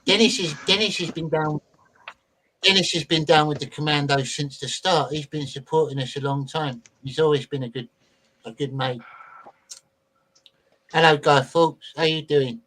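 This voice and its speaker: A man hosting a livestream podcast in casual chat, chatty and quick to thank his guests. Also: on the high side, fairly even intonation, rough recording. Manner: chatty, apologetic, thanks people warmly.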